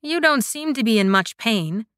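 A woman's voice: on the high side, animated, moderate pace, fairly bright tone, clear, resonant tone, dry recording, studio quality. A woman voicing a flustered, determined young female warrior who speaks with indignant insistence.

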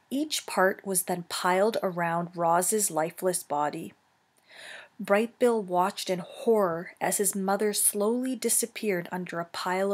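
A woman teacher reading a children's novel aloud, slow and careful, correcting herself now and then. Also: mid-range voice, husky.

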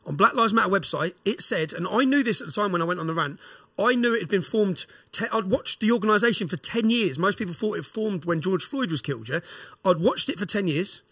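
Ranting and storytelling as a podcast guest, a middle-aged man with an English accent keeps tossing "yeah?" tags at his listener with emphasis. His high voice has lively intonation, a fairly bright, slightly rough tone, and a fairly quick pace. The recording is dry.

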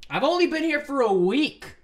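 A man's voice: sits high, brisk, warm tone, voice pushed up. A man voicing a stubborn, shy young woman who pleads in a raised put-on voice. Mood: defensive.

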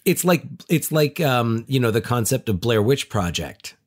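A man's voice: mid-range voice, big pitch swings, moderate pace. A man in his thirties co-hosting a podcast, chatting casually with many restarts and fillers. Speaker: podcast co-host. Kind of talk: casual chat.

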